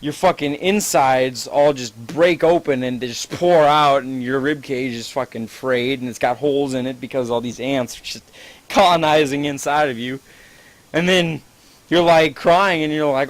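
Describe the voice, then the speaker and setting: A man's voice: medium pitch, moderate pace, no room sound, low-quality recording. Man spinning a rambling gross-out story. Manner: rambling, profane, gleefully gross, many "like"s. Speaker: storyteller among friends. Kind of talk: improvised absurd story to a friend.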